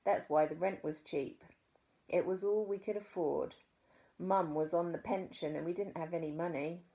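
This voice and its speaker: New Zealand woman, low-pitched reader, expressive children's storyteller. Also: vocal fry. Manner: expressive, dramatic pauses. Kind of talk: reading a children's book aloud.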